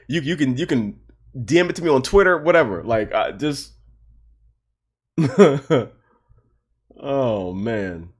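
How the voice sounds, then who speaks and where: A man's voice: mid-range voice, animated, slow pace, pauses often, slightly rough. A man hosting a livestream, ranting about a video game in a heated, repetitive way and swearing often. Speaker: livestream host. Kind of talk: casual livestream rant.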